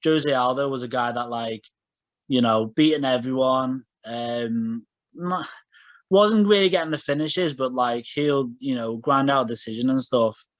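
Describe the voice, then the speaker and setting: With a mid-range voice and a slightly slow pace, a male podcast co-host rambles through casual chat, full of fillers and restarts. The audio is dull and lo-fi, with no room sound.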